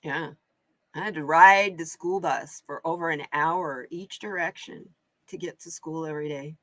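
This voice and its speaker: A woman's voice: low voice, fairly even intonation, moderate pace, a bit bright, no room sound. A woman from Oregon hosting a live card-reading stream in casual chat. She talks in a chatty, exclamatory way and laughs often. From Oregon, USA. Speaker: host and card reader.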